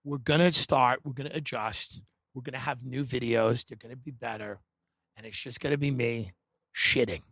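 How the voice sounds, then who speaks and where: A man hosting a podcast, riffing in a sarcastic, deadpan comedic monologue full of dark satire and sudden mimicked voices. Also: fairly high pitch, vocal fry, no room sound. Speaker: podcast host.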